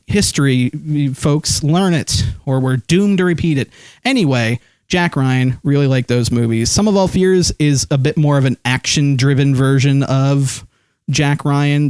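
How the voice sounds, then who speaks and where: A man's voice: mid-range voice, smooth, dry recording, clean studio sound. Rambling man chatting on a live stream. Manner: rambling, reads chat aloud, many fillers. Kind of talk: casual live-stream chat. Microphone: desk microphone.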